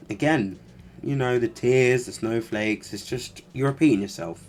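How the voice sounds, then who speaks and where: A man's voice: medium pitch, normal speed. A man giving casual reaction commentary, exasperated and sarcastic, with lots of fillers. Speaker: commentary vlogger.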